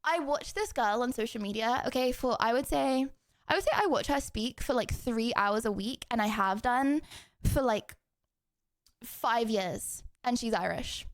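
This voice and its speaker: A young woman hosting a live stream, talking casually and playfully to her viewers. Her voice sits high. She chats in a bubbly, self-teasing way and moves quickly from one thought to the next. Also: dry recording, studio quality. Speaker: streamer hosting chat debates.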